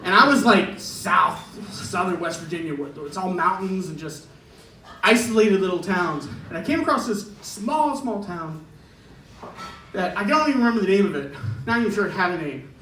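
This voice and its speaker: A man's voice: sits high, animated, moderate pace, bright, forceful tone, echoey room, distant mic, a little hiss or hum, rough recording. A man doing a stand-up set in a club, chatty and chuckling through his punchlines. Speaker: stand-up comedian. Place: comedy club stage.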